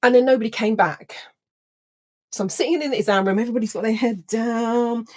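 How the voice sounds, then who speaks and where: A woman's voice: fairly high pitch, fairly quick. A woman, a personal development trainer telling a story to an audience, acting out the voices of people in it. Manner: animated, acts out voices of people in her story.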